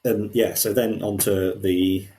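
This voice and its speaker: Low-voiced man, animated podcast talk. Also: slow, slight background noise. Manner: animated, quotes people in put-on voices, frequent restarts. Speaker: podcast co-host. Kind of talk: casual discussion.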